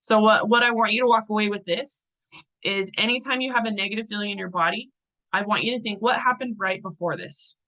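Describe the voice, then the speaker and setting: A woman's voice: medium pitch, fast talker, sharp tone, rough recording. A young adult woman coaching a group in a casual teaching talk. She sounds chatty and loose, with fillers and restarts.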